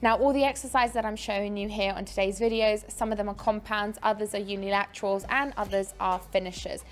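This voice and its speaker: A woman's voice: mid-range voice, steady tone, a little fast. A woman fitness coach explaining an exercise and giving an upbeat, encouraging pep talk. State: out of breath.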